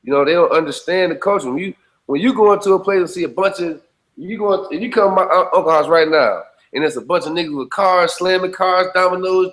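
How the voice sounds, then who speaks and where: His voice now sits high and a bit bright, and he talks fast over a rough recording. The street talk stays blunt, emphatic and full of swearing, with repeated checks that the listener is keeping up.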